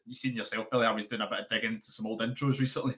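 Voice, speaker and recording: Young man, bright forceful voice, casual rambling chat, animated. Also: lowish voice, rapid-fire. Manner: rambling, restarts often, animated. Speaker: podcast founder.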